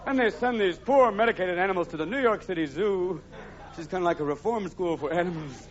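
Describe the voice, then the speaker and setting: A man performing high-energy stand-up comedy, switching between impressions and shouted bits. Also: a little fast. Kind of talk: stand-up comedy with rapid character voices. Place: large live theater with audience. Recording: dull live 1983 recording with loud crowd.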